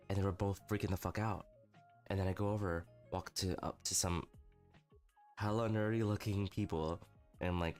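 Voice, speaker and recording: Deep-voiced young man telling stories. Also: steady tone, fairly quick, faint music behind. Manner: candid, swearing, self-mocking. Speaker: livestreamer. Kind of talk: casual storytelling stream.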